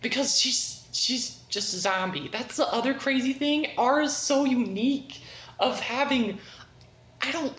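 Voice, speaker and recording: A woman's voice: fairly high pitch, unhurried, a bit bright. Gushing young woman in an echoey room. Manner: rambling and gushing, scatterbrained. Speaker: book reviewer. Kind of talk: casual video review.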